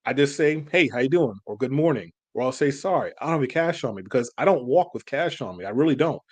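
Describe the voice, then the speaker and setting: A man's voice: mid-range voice, expressive, fast, darkish tone. A man, co-hosting a casual reaction chat, making his case earnestly and at length. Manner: earnest, persuasive, rambling. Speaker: co-host.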